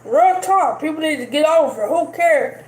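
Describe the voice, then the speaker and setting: High-pitched woman streamer, defiant, keeps repeating herself, echoey room, faint music. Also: expressive, moderate pace. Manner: defiant, repetitive, dismissive. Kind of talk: live-stream rant.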